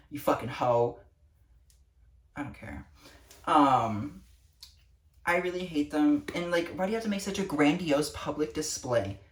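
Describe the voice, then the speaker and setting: A teenage girl vlogging, ranting to camera with lots of swearing and exasperation. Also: low voice. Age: teens. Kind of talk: casual rant to camera. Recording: echoey room, distant mic.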